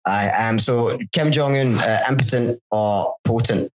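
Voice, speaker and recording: Scottish man, lively banter. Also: medium pitch, a little slow, a little hiss or hum, low-quality recording. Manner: animated storytelling with sweary banter. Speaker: podcast co-host. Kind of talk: casual chat.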